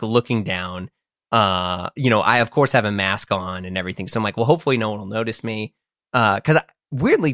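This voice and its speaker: A man's voice: fairly low pitch, a bit bright, dry recording, clean studio sound. A man casually telling a personal story, rambling and poking fun at himself. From United States. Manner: rambling, self-deprecating, full of fillers and restarts.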